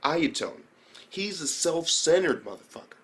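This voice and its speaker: Excitable young man recapping anime. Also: on the high side, unhurried. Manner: excitable, swearing, mimics characters in exaggerated voices. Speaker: anime reviewer. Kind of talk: casual profane recap.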